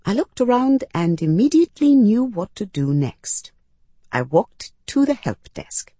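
A woman reading a first-person story aloud in a measured, expressive audiobook narration, close to the mic. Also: medium pitch, slightly rough, dry recording.

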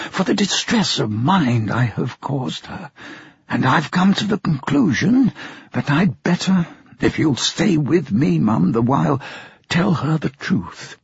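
A man reading an audiobook, voicing a timid little old father who is gentle, anxious and remorseful. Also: fairly high pitch, vocal fry, husky, dry recording, voice pushed up, exaggerated voice. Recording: dull lo-fi sound.

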